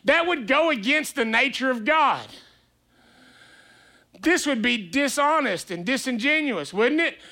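A man's voice: very high voice, lively intonation, unhurried, long pauses, pushed and bright. A male pastor preaching a conversational sermon, chatty and playful, asking rhetorical questions.

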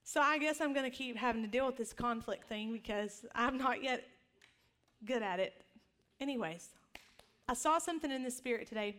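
A woman's voice: on the high side, fairly bright tone. A middle-aged woman pastor giving a sermon, telling stories in a conversational, humorous way and acting out quotes.

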